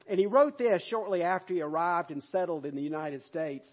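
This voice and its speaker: A male pastor preaching a sermon in an emphatic way, with loud bursts for stress. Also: high voice, fairly quick, muffled recording.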